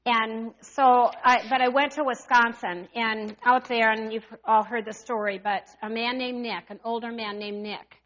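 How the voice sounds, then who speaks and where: High bright-voiced woman preaching. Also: highs cut off. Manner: animated, call-and-response with congregation. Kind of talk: sermon.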